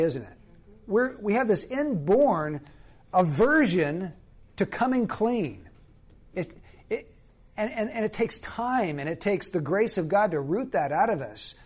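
A man preaching a sermon in an earnest, emphatic way, slowing down to stress key phrases. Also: high-pitched, a little mellow.

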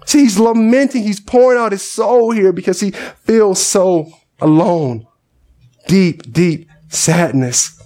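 Man, pastor, high voice, impassioned sermon, voices prayers aloud. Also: measured pace, dark tone. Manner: impassioned preaching, voicing the psalmist's prayers.

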